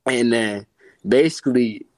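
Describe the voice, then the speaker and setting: A man's voice: mid-range voice, measured pace, a little mellow. A young man telling a story in casual chat, slangy and laughing often. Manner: slangy, laughing, says bro a lot. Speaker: guest storyteller.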